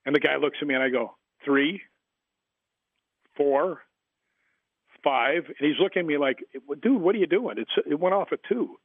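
A man who wrote a book on the paranormal tells long, rambling anecdotes as an interview guest, full of fillers and restarts. His voice is on the high side, with a moderate pace and long pauses, heard over a tinny, dry phone line with no echo.

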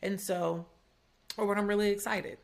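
This young Atlanta-born podcast host speaks in a steady, medium-pitched voice with vocal fry, at a moderate pace. She chats openly and casually, filling gaps with lots of "like."

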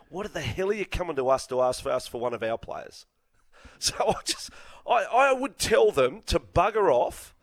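A man's voice: fairly high pitch, fairly bright tone, no room sound. A male Australian sports radio co-host, opinionated and blunt, who gets fired up as he argues his point in a studio. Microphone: studio microphone.

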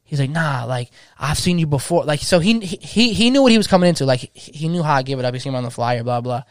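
Fast-talking slangy DJ guy. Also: a little high, smooth, no room sound, clean studio sound. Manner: slangy, passionate, frequent restarts and "bro". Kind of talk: casual podcast chat.

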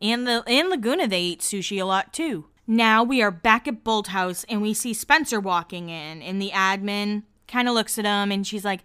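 A young podcast host from the Boston area, United States, chats through a recap of an episode in a medium-pitched, slightly fast, somewhat bright voice with a clean tone. She's animated and laughs a lot, quoting the people involved in little voices.

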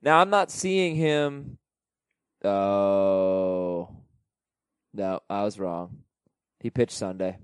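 A man hosting a fantasy baseball podcast, chatting casually and reading listener emails aloud with animated delivery. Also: deep voice, drawn-out words, long pauses, clear, resonant tone, dry recording. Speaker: podcast host.

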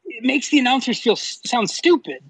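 A man co-hosting a casual wrestling podcast, talking in a lively way, laughing often and mimicking announcers. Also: very high-pitched, brisk, breathy edge, no room sound, poor audio. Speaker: podcast co-host. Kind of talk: casual chat.

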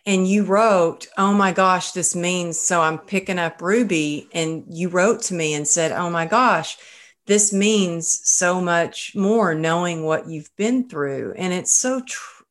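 A woman hosting a conversational interview, speaking with open, heartfelt enthusiasm. Her voice sits slightly low for a woman, and she lingers on her words as she praises her guest. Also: slow pace. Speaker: podcast host.

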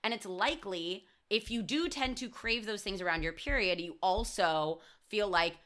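A woman's voice: medium pitch, normal speed, hardly any pauses, a bit bright. A young adult woman hosting a solo podcast on mindful eating, speaking in a casual, candid way, cursing freely and saying "like" often.

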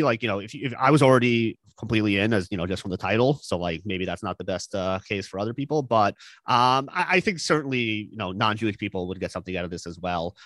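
A man on a podcast recommending movies in casual chat, earnest and halting, with many fillers and restarts. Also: fairly low pitch, a bit bright, no echo.

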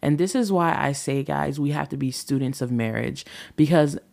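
A woman's voice: low voice, moderate pace, gravelly, darkish tone. A woman in her thirties who hosts a relationship talk show. She talks in a candid, reflective monologue that rambles with fillers.

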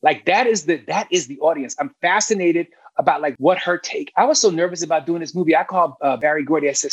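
A man's voice: on the high side, animated, fast, few pauses, husky, no room sound, rough recording. A middle-aged man talking as a guest film director in a casual interview, emphatic and candid, swearing freely.

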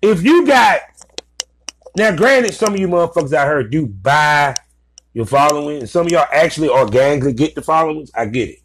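A man's voice: fairly high pitch, a little fast, a little hiss or hum. A man giving blunt, profane business advice in a casual, ranting commentary. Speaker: vlogger giving advice to content creators.

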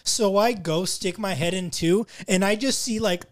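High-voiced man telling a story. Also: normal speed. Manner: swears a lot, storytelling. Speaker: podcast co-host, pool service worker. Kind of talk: casual chat.

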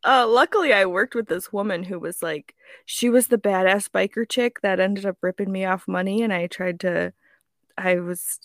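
A woman's voice: mid-range voice, moderate pace, a bit bright, no echo, clean studio sound. A woman in her twenties on a podcast, telling a rambling story with lots of giggles. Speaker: podcast co-host. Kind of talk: casual storytelling chat.

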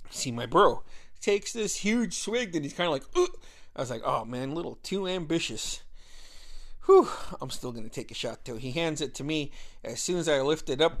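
A man's voice: mid-range voice, lively intonation, moderate pace. A man in his thirties casually telling a long personal story, swearing heavily and laughing often as he talks.

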